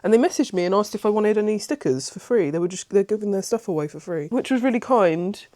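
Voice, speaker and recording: A woman's voice: mid-range voice, expressive, quick pace, mellow, dry recording. Rambling, emotional woman vlogger, dry sound. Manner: rambling and self-interrupting; emotional and easily moved. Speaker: craft vlogger. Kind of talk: casual chat.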